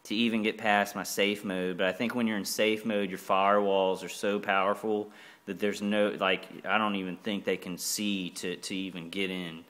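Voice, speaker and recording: A man's voice: lowish voice, little pitch movement, moderate pace, fairly bright tone. A man vlogging in a rambling, repetitive monologue, full of fillers and restarts.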